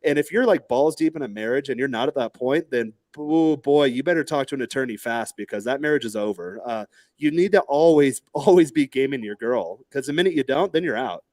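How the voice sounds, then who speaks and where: A man's voice: mid-range voice, fairly quick, a little mellow, no room sound. A man hosting a casual podcast chat, rambling with many fillers and restarts. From United States.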